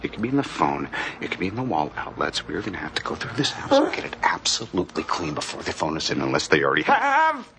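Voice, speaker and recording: A paranoid, fussy man full of wordy, smug theories. His voice is very low but swings widely as he spells things out precisely. The film soundtrack carries clear noise. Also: huge pitch swings, fast, hardly any pauses, full character voice. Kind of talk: film dialogue.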